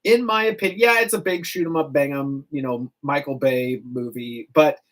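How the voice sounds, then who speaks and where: A man's voice: a little high, normal speed. Chatty middle-aged male radio host. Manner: chatty, rambling, animated with laughs. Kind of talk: casual morning radio chat.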